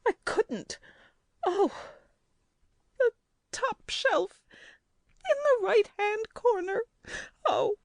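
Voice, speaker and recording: A flustered, easily overcome matron speaks in a high, swooping voice, slow and breathless, as a woman reading the story puts her on. She whimpers and sighs through her words. The sound is dry and close. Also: sing-song, dry recording, heavily acted. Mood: distressed. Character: flustered sighing middle-aged matron.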